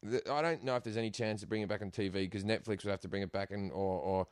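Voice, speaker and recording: A middle-aged Australian comedian telling stories in a casual chat, animated and quick to laugh, acting out other people's lines. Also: male voice, on the low side, no room sound, studio quality. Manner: animated, acts out quotes in put-on voices, laughs often. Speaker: guest comedian. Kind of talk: casual storytelling.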